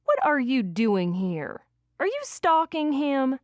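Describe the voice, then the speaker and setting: A woman's voice: fairly high pitch, very animated, a little slow, dry recording, studio quality, pitched above the performer's own voice. Woman voicing a pushy southern TV producer.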